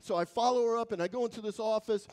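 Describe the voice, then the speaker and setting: Guy with a really high voice preaching in church, dramatic, gets loud then goes real quiet. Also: fast talker. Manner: dramatic, swinging from loud to hushed. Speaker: guest preacher. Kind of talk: sermon storytelling.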